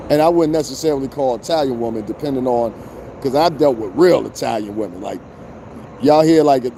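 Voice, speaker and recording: A man's voice: medium pitch, mellow, a little hiss or hum. A man hosting a show, ranting in blunt, profane commentary with rhetorical asides to his listeners. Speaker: show host. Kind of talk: unscripted commentary rant.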